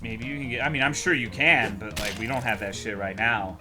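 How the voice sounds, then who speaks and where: A man's voice: medium pitch, fairly even intonation, brisk, music in the background. A man streaming a game, chatting casually and offhandedly with plenty of swearing. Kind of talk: casual gaming stream commentary.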